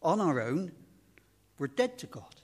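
A man's voice: fairly high pitch, sing-song, measured pace. Man preaching an informal sermon. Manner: conversational, self-deprecating, trailing off and restarting.

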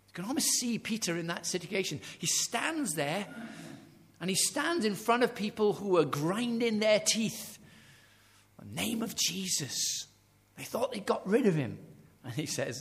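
A man preaching a sermon, dramatic, swinging from loud declarations to hushed near-whispers and retelling stories with quoted dialogue. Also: fairly high pitch, lively intonation, moderate pace.

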